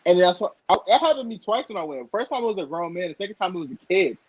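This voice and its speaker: A young man from Michigan co-hosting a casual podcast, a lively storyteller who teases playfully. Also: sits high, rapid-fire, breathy edge. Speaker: podcast co-host. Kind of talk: casual chat. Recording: dull lo-fi podcast audio.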